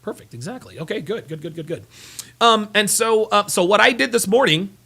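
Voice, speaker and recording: A man's voice: sits high, a little fast, vocal fry, pushed and bright, husky. A man hosting a casual livestream, reading out viewer messages in a rambling, repetitive way, tired and yawning. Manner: rambling, repeats himself, talks while fumbling for files. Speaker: livestream host reading super chats.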